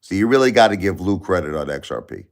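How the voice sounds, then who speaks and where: A man's voice: deep voice, big pitch swings, quick pace, creaky. A man hosting a casual late-night live stream from home, rambling, repeating himself and talking to viewers by name. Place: home at night, family asleep.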